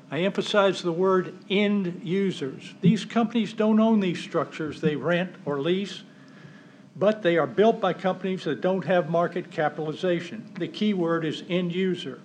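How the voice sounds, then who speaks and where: A man giving a prepared, deliberate public comment, making emphatic points one by one. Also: on the high side, a little hiss or hum. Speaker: former committee member giving comment. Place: county meeting room.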